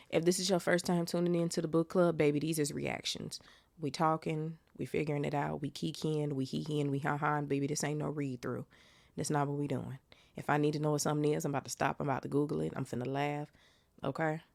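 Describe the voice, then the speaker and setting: Low creaky-voiced woman reading aloud. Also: a little mellow, no room sound. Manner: chatty and slangy. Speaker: podcast host. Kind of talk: casual book reaction and reading aloud.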